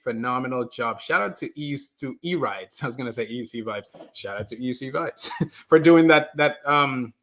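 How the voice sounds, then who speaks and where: A man hosting a casual livestream, talking loosely, repeating himself and reading out viewer comments. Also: mid-range voice. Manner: animated, repeats himself, reads chat aloud. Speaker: livestream host.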